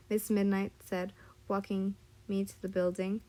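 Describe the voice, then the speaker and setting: Mellow woman reading a fan story aloud. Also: mid-range voice, flat delivery, a little slow. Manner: casual, apologetic, stumbles over the text. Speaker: story reader.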